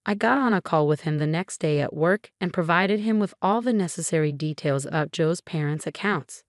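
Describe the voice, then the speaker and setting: A woman narrating a first-person story in a steady, matter-of-fact way. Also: low-pitched, a little fast, no echo, studio quality.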